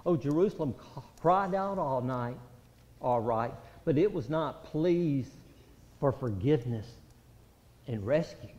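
A man preaching a sermon, impassioned and pleading, swinging from loud outcries to hushed, low passages. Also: lively intonation, measured pace. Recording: reverberant hall, dull lo-fi sound.

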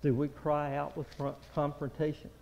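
High-voiced preacher in an echoing hall. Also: male voice, completely flat delivery, normal speed, creaky. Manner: impassioned, pleading, swings from loud to hushed. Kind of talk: sermon. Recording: reverberant hall, dull lo-fi sound.

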